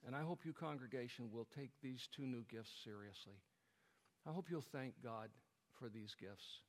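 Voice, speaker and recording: A man preaching a sermon to his congregation, building to emphatic, forceful passages. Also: mid-range voice, normal speed. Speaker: pastor. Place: church sanctuary. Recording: church hall with long reverb.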